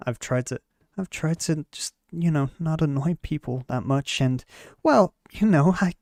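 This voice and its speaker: A man's voice: a little high, a little mellow, no echo, clean studio sound. Rambling, quirky-voiced male streamer. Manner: rambling, trails off and restarts often; talks with many quirks, by his own account. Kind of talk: casual live-stream chat.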